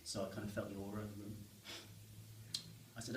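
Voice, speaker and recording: This stand-up comedian, an Englishman from Kent's Medway Towns, jokes with a live crowd in a comedy room, his material chatty and self-mocking. His voice is fairly low and level and a little fast, recorded roomily from a distant mic with a little hiss or hum.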